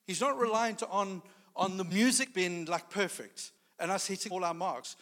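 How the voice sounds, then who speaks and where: A man preaching a sermon, telling a personal story with lively acted-out dialogue. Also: high voice, in a large hall. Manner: animated storytelling, acting out dialogue.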